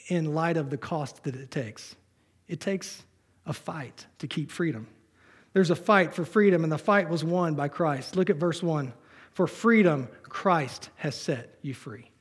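A man with a high-pitched voice is preaching in a church. He reads scripture passages aloud and breaks into relaxed, joking asides to the congregation. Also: husky. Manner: conversational preaching with humor, reading scripture aloud. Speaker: pastor. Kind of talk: sermon.

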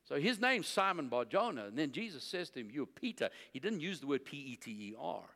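Man preaching in a big echoey church, voice a bit high, storytelling then getting loud. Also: very animated, fairly quick, vocal fry. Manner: storytelling, building to loud declarations. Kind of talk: sermon.

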